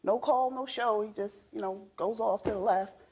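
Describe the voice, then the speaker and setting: A woman telling a courtroom story about her husband, animated and acting out her own thoughts. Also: mid-range voice, normal speed, slightly rough. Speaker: wife in a court case.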